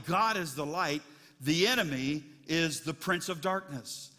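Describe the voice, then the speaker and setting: A middle-aged man preaching to his congregation, easygoing and folksy, full of little asides and fillers. His voice is bright and forceful, sitting a touch high for a man, and it rings out with a long reverb through the church sanctuary. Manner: folksy, chatty storytelling with many fillers. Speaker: pastor. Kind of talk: sermon.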